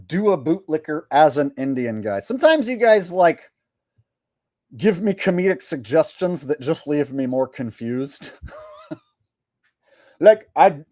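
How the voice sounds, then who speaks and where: A man's voice: a little high, sing-song, a little slow, pauses often, warm tone, no echo, studio quality. A man hosting a livestream, reading viewer messages in a sarcastic, rambling way with stammers. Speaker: livestream host.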